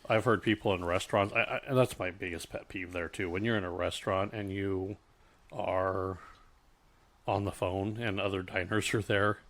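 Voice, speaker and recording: Low-voiced man chatting, halting. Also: fairly even intonation, fairly bright tone. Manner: halting, many restarts and fillers. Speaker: podcast co-host. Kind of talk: casual chat.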